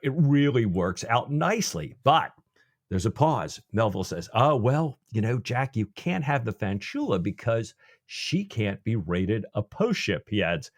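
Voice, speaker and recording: A man's voice: mid-range voice, measured pace, no echo, clean studio sound. A man co-hosting a podcast, chatting casually about a novel and acting out the characters' lines. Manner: animated, acts out characters' lines. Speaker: podcast co-host. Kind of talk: casual book discussion.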